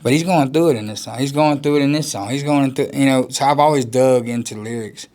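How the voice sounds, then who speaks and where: A man's voice: medium pitch, fast talker, darkish tone. A man, a country musician, talking casually in an interview, rambling and laughing often. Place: outdoors at a music festival.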